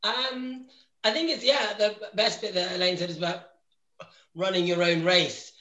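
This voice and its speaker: A woman's voice: on the low side, steady tone, moderate pace, fairly bright tone, reverberant, muffled recording. A woman co-hosting a casual podcast panel, speaking in a playful, emphatic way. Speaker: podcast co-host.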